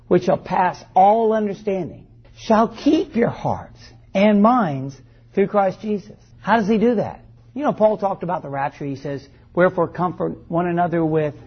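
High-voiced husky man preaching a sermon. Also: highs cut off. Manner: preaching with call-and-response questions to the congregation. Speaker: pastor. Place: church service.

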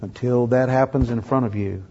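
A man's voice: medium pitch, fairly even intonation, moderate pace, mellow, slightly rough, muffled recording. An older man preaching a sermon, telling a story and acting out the dialogue. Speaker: pastor.

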